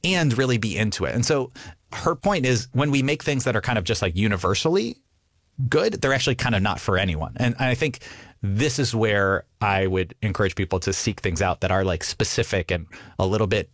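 A man's voice: on the low side, a little fast, no echo, clean studio sound. A man who is a comedian, answering interview questions with lots of laughter and acting out quoted lines. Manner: animated, laughs often, acts out quoted lines. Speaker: comedian guest.

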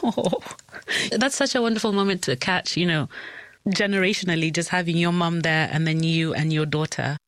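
A woman hosting an interview, asking gentle questions and reflecting with empathy. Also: lowish voice, moderate pace, no echo. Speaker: interviewer, host.

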